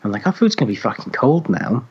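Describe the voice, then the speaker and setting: A man co-hosting a podcast, telling a story in casual chat, animated and swearing freely as he acts out other people's voices. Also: medium pitch, fast, slightly rough, highs cut off. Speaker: podcast co-host.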